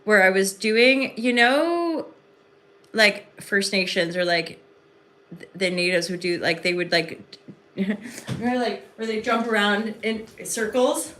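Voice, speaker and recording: A woman chatting into her phone on an evening livestream, her voice bright and forward at a mid pitch. She rambles warmly and effusively, piling on fillers as she talks to her viewers from home. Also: steady tone, slow, slight background noise. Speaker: livestream host and spiritual reader. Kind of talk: casual livestream chat.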